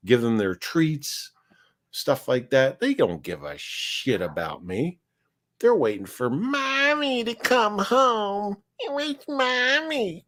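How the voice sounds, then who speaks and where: A man rambles through a home story on a live stream, swearing freely. His pitch swoops widely from line to line. He is a middle-pitched, casual talker. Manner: profane, animated, rambling anecdotes. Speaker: livestream host.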